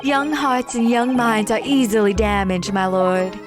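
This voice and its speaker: A woman voicing a shifty male witness in a put-on Southern drawl, speaking slowly and folksily. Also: on the high side, fairly even intonation, over music, close to an everyday voice. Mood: folksy, evasive. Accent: put-on American Southern. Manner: slow, drawn-out folksy speech.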